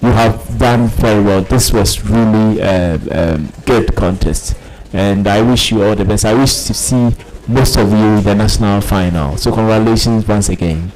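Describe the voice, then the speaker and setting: A middle-aged man calling out words and giving feedback at a spelling contest, speaking slowly with many ums. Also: on the low side, a little mellow, soft background music, low-quality recording. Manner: hesitant speech with many ums. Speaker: spelling contest pronouncer and judge. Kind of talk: reading out words, then closing remarks.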